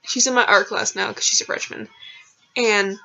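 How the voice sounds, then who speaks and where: A woman's voice: medium pitch, fairly even intonation, normal speed, vocal fry, pushed and bright, soft background music. A young woman vlogger rambling through embarrassing personal stories, full of fillers and casual swearing. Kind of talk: casual storytelling. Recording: lo-fi dull sound.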